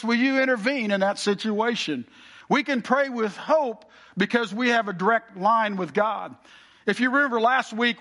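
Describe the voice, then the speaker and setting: A man's voice: high voice, pushed and bright. A middle-aged male pastor preaching a sermon with folksy storytelling and frequent restarts. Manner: folksy storytelling, repeats words.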